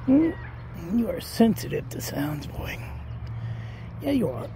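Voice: mid-range voice, big pitch swings, takes it slowly, vocal fry, noisy background. A person talking to their cat in a casual, coaxing, sing-song way while filming a walk outdoors in the cold on a phone. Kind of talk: casual talk to a pet.

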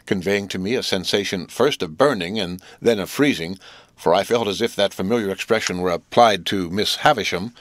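A man reading a classic novel aloud as an audiobook narrator, steady and measured. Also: low-pitched, dry recording. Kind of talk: scripted narration.

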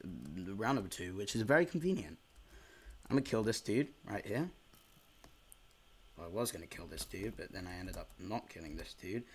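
Excitable young man narrating gameplay. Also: sits low, moderate pace, long pauses, husky. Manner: excitable, yelps in frustration. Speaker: gaming channel host. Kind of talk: casual gameplay commentary.

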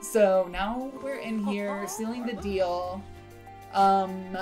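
A woman's voice: medium pitch, takes it slowly, over music. A young woman casually telling a story over her game play, rambling with lots of "like". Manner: rambling, heavy use of "like". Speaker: gaming video host.

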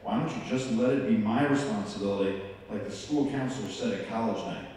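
A man's voice: lowish voice, fairly quick, darkish tone, natural voice. A man acting a sullen, sarcastic teenage son in a stage skit, brushing off his mother. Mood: dismissive. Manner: sarcastic, dismissive. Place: large auditorium with audience. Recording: distant, echoey hall with crowd.

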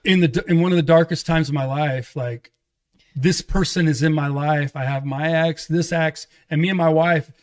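A pastor appearing as a podcast guest gives a candid personal testimony in a voice on the high side, with fairly even intonation and normal speed. His casual storytelling rambles and restarts, and he acts out the quoted dialogue.

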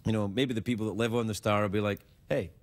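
A man's voice: lowish voice, level tone, rapid-fire. A man hosting a late-night talk show, teasing his guest and jumping into silly voices. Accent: Scottish. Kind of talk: playful late-night chat.

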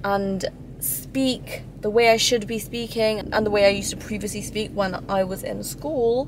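A young woman with a London accent, chatting candidly in a casual beauty vlog, full of "like" and "babe". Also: mid-range voice. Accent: London English. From England. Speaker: beauty vlogger. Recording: faint background noise.

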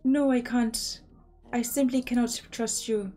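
A woman's voice: fairly high pitch, fairly even intonation, measured pace, warm tone, lightly acted. A woman voicing a suspicious, jealous husband in a put-on Irish accent, accusing and rambling in a game.

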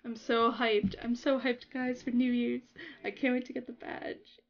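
A young woman chatting casually to her viewers while playing a game on a livestream, giggly and excitable. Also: on the high side, normal speed, highs cut off. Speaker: gaming livestreamer. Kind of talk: casual livestream chat over gameplay.

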